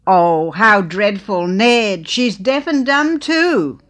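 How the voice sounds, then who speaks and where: A woman voicing a fussy, nosy elderly woman who shouts her pity at strangers on a train. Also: mid-range voice, expressive, takes it slowly, pitched above the performer's own voice. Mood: shouting. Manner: shouting, exclaiming.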